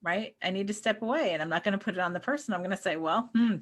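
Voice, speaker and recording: A middle-aged woman in casual spiritual conversation, telling personal stories with lively acted-out quotes and frequent laughs. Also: mid-range voice, very fast. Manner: animated storyteller who acts out quotes and laughs. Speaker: co-host.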